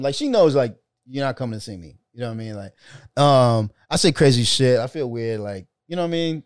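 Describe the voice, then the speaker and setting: A male comedian tells a story in loose podcast banter, his voice swinging up and down with plenty of life. The tone is smooth and clear, pitched a bit above the usual for a man, and the sound is dry and close with no room around it. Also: fairly quick, dry recording. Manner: animated storytelling, swears freely. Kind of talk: casual podcast chat.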